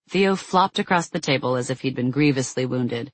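A husky audiobook narrator reading fiction in a measured, even pace. The voice sits in a middle register and is recorded dry and close, with no room sound. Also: mid-range voice, no echo. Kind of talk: scripted narration.

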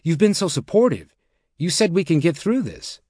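A man's voice: mid-range voice, expressive, normal speed, darkish tone, no echo, natural voice. An impatient, stubborn bank chief, as a male narrator reads his lines, pushing back hard and refusing to yield. He talks in a raised, insistent voice, recorded close and dry.

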